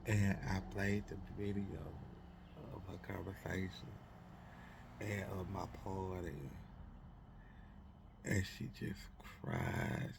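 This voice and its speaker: A man with a very low, gravelly voice tells a personal story to his followers. He speaks slowly and warmly, repeats his phrases, and turns to his listeners directly. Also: animated, noisy background.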